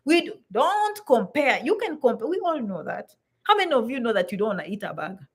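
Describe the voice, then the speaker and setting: A woman's voice: on the high side, big pitch swings, brisk, breathy edge. A woman from Africa, giving blunt, emphatic advice to immigrants and repeating points for stress. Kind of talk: direct-to-camera advice talk.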